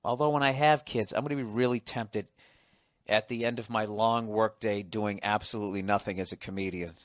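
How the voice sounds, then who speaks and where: A man, hosting a solo comedy podcast, rambling and swearing, mocking himself and now and then rising to loud excited outbursts. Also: on the low side, fairly quick, no room sound, studio quality. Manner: profane, rambling, self-mocking. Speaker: podcast host.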